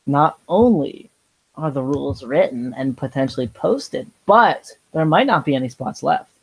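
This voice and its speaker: Relaxed joking male co-host. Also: medium pitch, low-quality recording. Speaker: podcast co-host. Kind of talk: casual chat.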